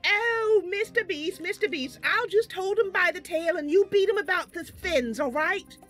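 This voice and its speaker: A woman's voice: very high voice, normal speed, a bit bright, faint music behind, pitched above the performer's own voice. A woman doing a fussy, fretting little male companion. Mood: chirpy. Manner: fretting and overly polite.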